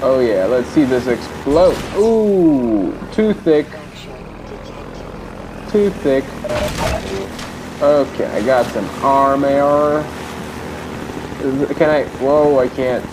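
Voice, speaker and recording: A young man talks over a video game in a slow, drawn-out way, his pitch swinging widely as he boasts and whoops. His goofy let's play commentary sits over clear game sounds and engine noise. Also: animated. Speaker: gamer.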